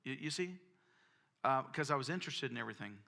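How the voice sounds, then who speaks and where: A man's voice: mid-range voice, animated, quick pace, bright, forceful tone. A man preaching a sermon, telling folksy personal stories and often repeating words. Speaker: pastor.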